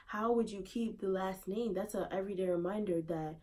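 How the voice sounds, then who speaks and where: A woman's voice: medium pitch, fairly quick, darkish tone. A woman giving her opinion casually in a vlog, repeating rhetorical questions in disbelief. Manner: conversational, with fillers. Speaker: vlogger.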